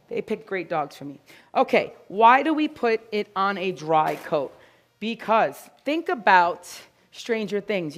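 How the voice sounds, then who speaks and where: A woman giving a lively, jokey live dog-grooming demonstration to an audience of groomers. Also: medium pitch. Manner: energetic, chatty, jokey.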